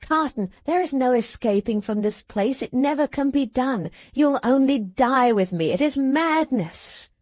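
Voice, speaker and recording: A woman's voice: high-pitched, expressive, unhurried, few pauses, a little mellow, dry recording. A woman voicing a frightened young nobleman held in prison, who pleads in a distressed way. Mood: pleading.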